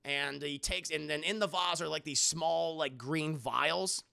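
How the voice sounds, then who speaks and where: Gravelly, bright-voiced male streamer. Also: fairly high pitch, measured pace. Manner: rambling and profane, many fillers. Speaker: streamer film reviewer. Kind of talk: casual spoiler review to live chat.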